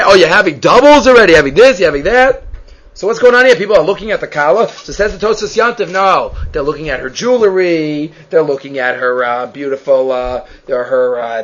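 Man, high voice, Talmud teacher, reads and translates, muffled lo-fi sound. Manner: reads Hebrew and Aramaic phrases, then translates them. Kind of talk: explaining a Talmud text. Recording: muffled lo-fi recording.

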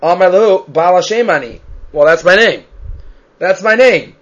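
Man, high voice, Talmud teacher, reads and translates, muffled lo-fi sound. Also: expressive, normal speed, fairly bright tone. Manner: reads Hebrew and Aramaic phrases, then translates them. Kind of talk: explaining a Talmud text. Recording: muffled lo-fi recording.

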